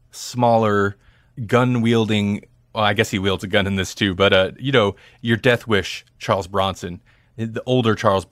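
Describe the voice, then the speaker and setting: In a clean, dry studio recording, a man with a mid-range voice co-hosts a podcast. He talks about movies in a casual, animated, chatty way and frequently breaks into laughter.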